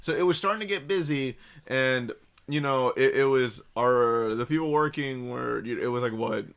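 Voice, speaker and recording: A young man with a bright, forceful voice swaps work stories on a casual podcast. He talks in loose, profanity-heavy slang, pitched in the middle of the male range. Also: normal speed, creaky, clean tone. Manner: profane, animated retelling with slang. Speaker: podcast co-host. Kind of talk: casual storytelling chat.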